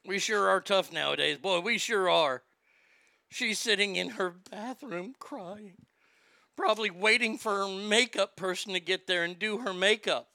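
A man's voice: high voice, a little slow, gravelly, sharp tone, no room sound. A man ranting in a sarcastic, indignant, profane commentary, recorded on a close mic. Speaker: social media commentator.

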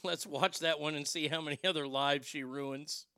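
A man's voice: on the high side, fairly even intonation, moderate pace, clear, resonant tone, no echo, studio quality. A man hosting a show, delivering a profane comic rant with mock outrage. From Texas. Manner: ranting, profane, mock outrage with loud outbursts. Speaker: radio show host. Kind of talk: comedic rant.

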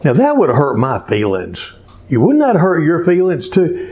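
A man's voice: on the high side, huge pitch swings, a little slow, mellow. A male pastor preaching a folksy, conversational sermon full of rhetorical questions to his congregation.

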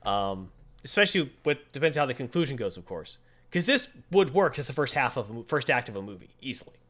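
Animated man recapping comics. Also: medium pitch, quick pace. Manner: animated, chatty, frequent fillers. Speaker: comic book podcast host. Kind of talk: casual comic book recap.

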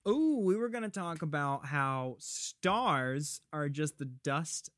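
A man's voice: a little high, animated, slow pace, fairly bright tone, no room sound, studio quality. A man co-hosting a podcast, chatting casually in a playful, rambling way. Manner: playful, rambling, drops into silly voices. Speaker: podcast co-host. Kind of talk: casual banter.

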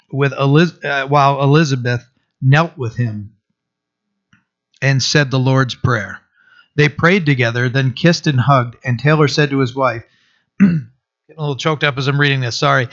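A man reading a historical account aloud in an earnest, halting way, often stopping to restart or correct himself. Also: mid-range voice, a bit bright, dull audio. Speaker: reader.

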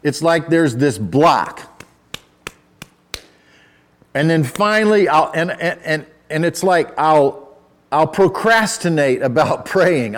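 Preaching in a relaxed, chatty manner, this male pastor keeps restarting and poking fun at himself, yet his delivery swells into forceful shouts whenever scripture comes up. He speaks at a fairly high pitch.

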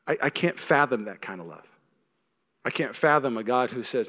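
A male pastor preaching a sermon to a congregation, emphatic and animated, swinging between loud punchy lines and hushed ones, with humorous storytelling. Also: medium pitch, normal speed. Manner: humorous storytelling with acted-out asides. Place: church service before a congregation.

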